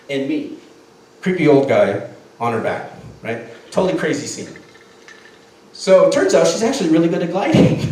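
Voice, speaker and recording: A man in his fifties telling a comic tall tale with lots of laughter. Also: sits high. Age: 50s. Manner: animated, laughing often. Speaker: storyteller. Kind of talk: comic storytelling skit. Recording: echoey room from far off, faint noise.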